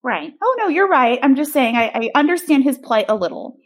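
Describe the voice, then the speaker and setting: A woman's voice: high voice, lively intonation, a little fast. A woman co-hosting a podcast, recapping a film in casual, sarcastic chat with many ums.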